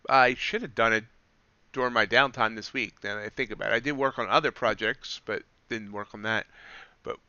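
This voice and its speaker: A man talking through his trades on a live stream, his voice bright and smooth. He chats in a relaxed way, thinking aloud and answering viewers. The sound is dry and a little dull, close to the mic. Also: on the low side, brisk, no room sound. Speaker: livestreaming futures trader. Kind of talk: casual live-stream commentary.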